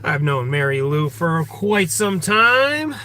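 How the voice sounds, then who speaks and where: A man with a high, bright voice hosts a casual livestream from outdoors in a forest. He reads viewer comments aloud and greets each person by name. His voice stays high and bright throughout. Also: sing-song, slow. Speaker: livestream host.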